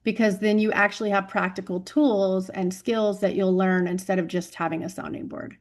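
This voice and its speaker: A woman's voice: medium pitch, level tone, normal speed. A woman hosting an interview podcast and coaching, speaking in an affirming, emphatic and frank way.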